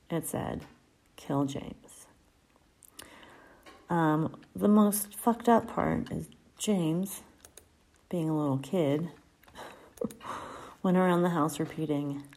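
A woman hosts a casual podcast, telling creepy stories in a laid-back, chatty manner and sometimes dropping into a soft whisper. Her voice is fairly low and creaky.

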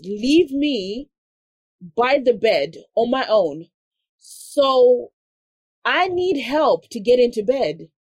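Husky-voiced woman telling a story animatedly. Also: a little high, no room sound. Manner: animated, acts out quoted dialogue; frequent "like" fillers. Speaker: podcast guest telling a story. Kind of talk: casual storytelling.

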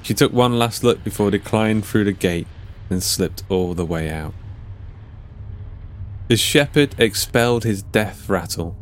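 A man reading his own story in a calm, measured narration. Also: lowish voice, slight background noise. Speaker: writer and narrator. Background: faint music.

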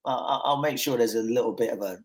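A man from Scotland, an actor guest on a podcast, telling stories in a relaxed way with lots of fillers and restarts. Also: medium pitch, fast talker. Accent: mixed Scottish and English, Americanised. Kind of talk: casual podcast chat.

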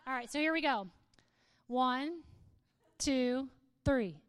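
A woman's voice: high voice, takes it slowly, a bit bright, a little hiss or hum. A woman speaking to a live audience in a playful, humorous way, often laughing and reading aloud with mock drama.

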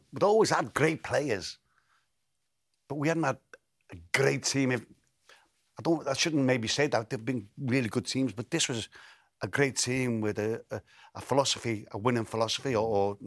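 This older man, a former footballer being interviewed, has a medium-pitched voice and tells football stories in a relaxed way, often repeating himself and restarting words. The recording is dry and of studio quality.

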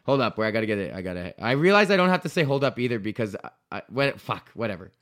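A man's voice: lowish voice, very animated, racing, fairly bright tone. A man hosting his own podcast alone, rambling casually with a loose, profane, self-correcting manner. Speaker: podcast host. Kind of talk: casual solo podcast rant.

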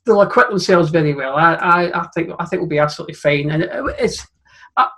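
A man's voice: a little high, fast, bright, forceful tone. A Scottish man co-hosting a football podcast, rambling through stories with many restarts and laughing at his own anecdotes. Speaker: podcast co-host. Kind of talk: casual football chat.

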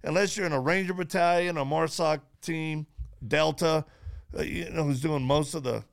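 A man hosting a podcast interview, telling stories in quick animated bursts and laughing as he goes. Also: a little high, gravelly. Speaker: podcast host. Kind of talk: casual interview chat.

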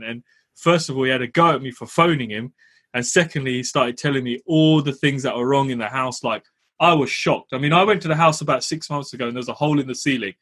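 A man co-hosting a property podcast, with a husky, slightly raised voice. He tells the story in a chatty, slangy way and leans on "you know" as he goes. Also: a little high, fairly bright tone. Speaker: property podcast co-host and landlord. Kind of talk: casual storytelling.

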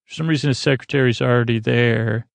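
A man with a heavily gravelly, creaky voice rambles through a sleepy episode recap, wandering off and filling gaps with uh. His delivery stays flat and monotone. The sound is dry and close, with no room echo. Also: medium pitch, fast talker. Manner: meandering, full of uh fillers. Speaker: podcast host.

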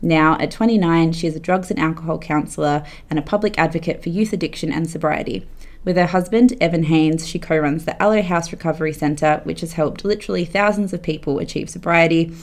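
A woman's voice: low voice, fairly quick. A woman hosting a podcast, giving an upbeat scripted introduction. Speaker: podcast host.

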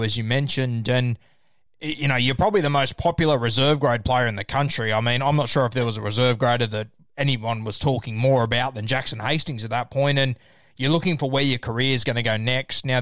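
A man's voice: medium pitch, fairly bright tone, no room sound, studio quality. An Australian man hosting a podcast, asking long, chatty questions in a casual interview. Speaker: podcast host.

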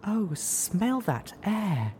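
Fluttershy, a man putting on a soft cooing pony mare. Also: sits high, huge pitch swings, a little slow, slight background noise, voice pushed up, full character voice. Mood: gentle, cooing. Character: gentle shy female pegasus pony, soft-spoken.

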